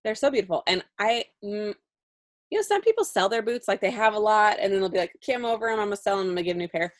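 A woman's voice: mid-range voice, lively intonation, racing. A young woman co-hosting a podcast, chatty and playful, giggling between remarks. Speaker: podcast co-host. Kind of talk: casual chat.

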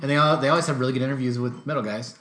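Dude cracking jokes on a music podcast, middle voice, echoey room. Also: male voice, medium pitch, steady tone, very fast, fairly bright tone. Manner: joking, rambling. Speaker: podcast co-host. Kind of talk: casual music chat.

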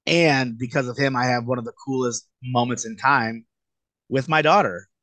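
A man in his late thirties telling stories in a relaxed, rambling way as a guest in an interview, full of filler words. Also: mid-range voice, moderate pace, no room sound. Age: late 30s. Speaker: guest wrestler. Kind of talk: casual storytelling in a podcast interview.

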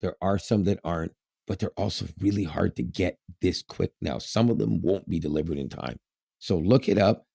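A man with a very low, gravelly voice chats casually as a podcast co-host. He rambles, fills pauses with "uh" and "um", and laughs often. The sound is dry and close to the mic. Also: warm tone, no echo. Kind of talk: casual chat.

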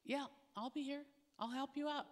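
A woman preacher voicing a calm male pastor who reassures and gently challenges a worried man. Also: high-pitched, moderate pace, long reverb tail, pitched above the performer's own voice, natural voice. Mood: reassuring.

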